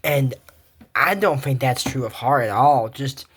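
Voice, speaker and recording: A woman's voice: very deep voice, expressive, a little slow, husky. A woman giving a casual, rambling recap of a cartoon episode, with sarcastic asides.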